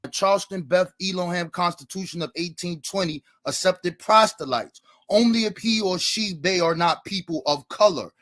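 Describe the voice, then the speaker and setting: A man's voice: high-pitched, moderate pace, fairly bright tone. A man arguing his side in a debate, reading passages from books to back his points. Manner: reads quotes from books, argumentative. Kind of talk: debate argument.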